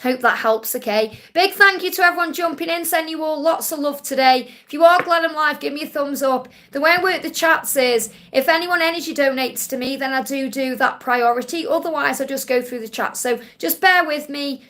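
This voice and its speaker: A woman hosting a live psychic question-and-answer stream, gently reassuring and ending her points with a soft "okay?". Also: high voice, a little fast, hardly any pauses. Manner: relays messages in first person with emphatic repetition.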